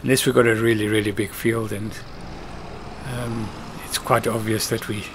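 A man's voice: fairly low pitch, level tone, normal speed, noisy background. A man giving casual commentary while playing a farming game, chatting to himself and scolding the computer-driven workers. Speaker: let's play host.

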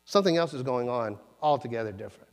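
A man preaching a sermon in a conversational way, acting out quoted lines with sudden jumps in pitch. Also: expressive, fast talker. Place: church sanctuary. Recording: long church reverb.

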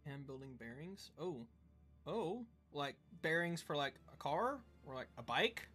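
Soft background music plays as a Southern US game streamer in his twenties jokes with his viewers, feigning indignation and fumbling words on purpose for comic effect. His slightly high voice is very animated, bright, forceful and a little rough, delivered a bit slowly.

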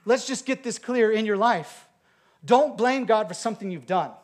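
A pastor delivers a sermon in a high, bright male voice. He preaches with emphasis and pushes up to loud, declared lines for the congregation. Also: normal speed. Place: church sanctuary.

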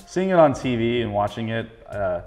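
A man hosting an interview, asking admiring, halting questions full of fillers. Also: medium pitch, sing-song, darkish tone, in a large hall, soft background music. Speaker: interviewer host. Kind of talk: casual interview.

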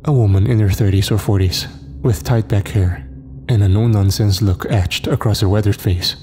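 A man narrating a scripted horror story in a steady, measured way. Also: fairly low pitch, a little hiss or hum.

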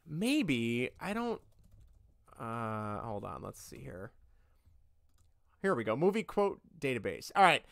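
Rambling man excitedly recapping movie scenes. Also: mid-range voice, slow pace, vocal fry, pauses often, dry recording. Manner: thinks aloud while looking things up. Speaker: podcast co-host. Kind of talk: casual chat.

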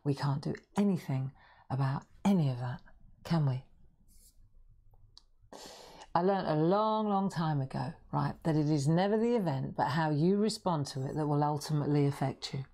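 Low, mellow-voiced woman craft streamer. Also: a little fast. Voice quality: slightly croaky. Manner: chatty and reassuring, talks to viewers in chat. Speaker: craft livestream host. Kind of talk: casual live-stream chat.

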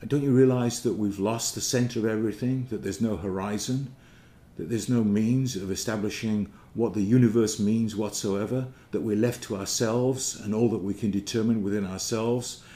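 A man's voice: lowish voice, fairly even intonation, moderate pace, warm tone, lightly acted. A man voicing a frustrated man in a market who pleads earnestly about searching for God. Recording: roomy echo.

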